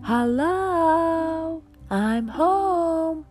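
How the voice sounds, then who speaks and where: A woman voicing an excited little boy back from his first day at kindergarten, over background music. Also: very high voice, drawn-out words, pitched above the performer's own voice, exaggerated voice. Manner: excited, announcing.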